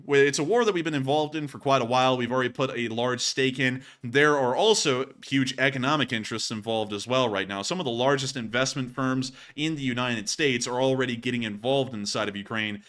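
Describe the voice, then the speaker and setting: A man's voice: medium pitch, sharp tone. A man with a Southern US accent hosting a casual news livestream, rambling with many fillers as he thanks donors. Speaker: host of a war news livestream.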